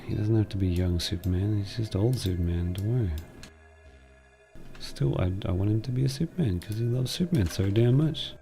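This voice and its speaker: A man streaming and chatting casually, rambling and excitable, breaking into high squealing bits and laughter. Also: brisk, vocal fry, soft background music.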